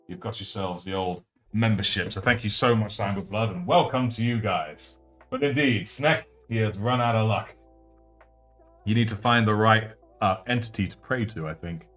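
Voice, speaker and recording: A man with a baritone voice hosting a casual painting livestream, chatty and jokey, thanking viewers as he works. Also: normal speed, fairly bright tone, faint music behind. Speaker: livestream host.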